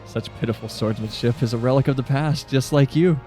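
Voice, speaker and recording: A man voicing a stern older imperial commander from a game, grave and measured. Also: medium pitch, warm tone, faint music behind, lightly acted. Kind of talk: voicing game dialogue on stream.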